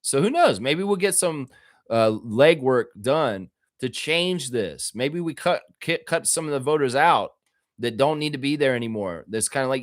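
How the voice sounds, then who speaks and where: A male podcast host talks casually and with energy, joking and reading viewer comments aloud. His voice is mid-pitched and dry, recorded close to the mic. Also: moderate pace, no room sound. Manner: animated, joking, chats with viewers. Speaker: host of a basketball podcast livestream. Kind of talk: casual live commentary and chat.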